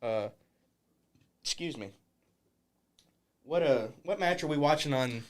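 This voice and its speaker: Taking it slowly with a fairly high, animated voice, a man guesting on a podcast relates wrestling anecdotes in the studio. He swears a lot and voices the characters he quotes as he tells them.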